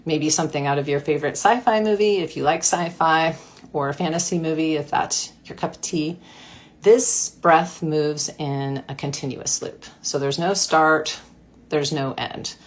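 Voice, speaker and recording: A woman coach guiding a breathwork practice in a gentle, playful way. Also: deep voice, steady tone, moderate pace. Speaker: mindfulness coach. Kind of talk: guided breathwork instruction.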